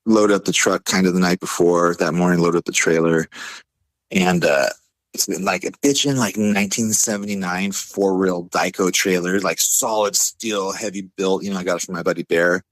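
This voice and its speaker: A man telling a story casually, laid-back, full of fillers, acting out quotes in a higher voice. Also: normal speed, no echo. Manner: animated, acts out quotes in a higher voice. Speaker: podcast guest.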